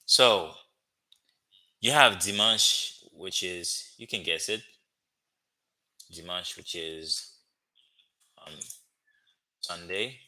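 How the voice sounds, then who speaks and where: A man with a low, bright-edged voice leads a language lesson at an unhurried pace. He repeats each phrase over and over, pausing to check in with "okay?" as he drills the class. He comes across as a patient teacher. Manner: slow, repetitive drilling with frequent "okay?" checks.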